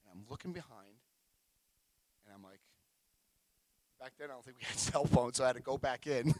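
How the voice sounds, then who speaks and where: A middle-aged man sharing his recovery story at a meeting, telling it in an emotional, animated way. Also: medium pitch, normal speed, long pauses, rough recording.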